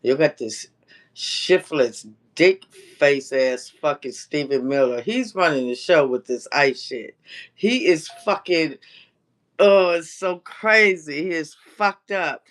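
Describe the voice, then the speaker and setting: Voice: mid-range voice, slow, a bit bright. A cooking vlogger chatting casually on a livestream, ranting and cursing freely and laughing often.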